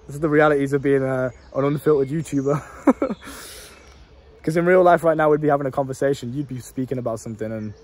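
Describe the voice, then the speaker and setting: Young guy ranting fast into the camera, bit husky, swears a lot, intense coach vibe. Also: mid-range voice, a little mellow. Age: young adult. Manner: intense, passionate, blunt, swears freely. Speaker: self-improvement coach. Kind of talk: unfiltered vlog monologue.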